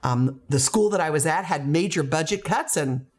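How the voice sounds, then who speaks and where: A woman's voice: sits low, lively intonation, moderate pace. A middle-aged American woman, a former principal, telling a personal story to camera in an earnest, emphatic way. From United States. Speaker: education company founder, former principal.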